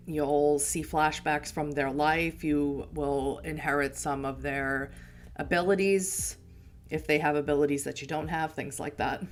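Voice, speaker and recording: Low-voiced woman streamer chatting. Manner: chatty, laughing, rambling explanations. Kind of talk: casual game-stream commentary.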